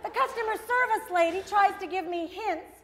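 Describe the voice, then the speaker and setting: A woman's voice: extremely high pitch, moderate pace, a bit bright, a faint crowd, a little hiss or hum. A middle-aged woman doing a stand-up comedy routine, wry and self-mocking, with sudden exasperated bursts.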